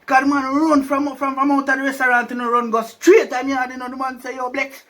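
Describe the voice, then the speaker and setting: Jamaican male storyteller, high pitched, loose and conversational. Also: flat delivery, fast talker, fairly bright tone. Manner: chatty, keeps asking "you see me?". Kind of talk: casual storytelling.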